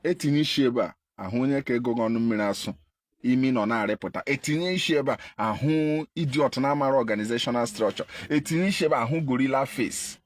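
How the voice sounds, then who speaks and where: A man with a Nigerian Igbo accent delivering an impassioned political monologue, repeating his points and jumping in pitch for emphasis. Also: fast talker, no room sound. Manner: emphatic, repetitive, pitch leaps when stressing. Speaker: activist commentator.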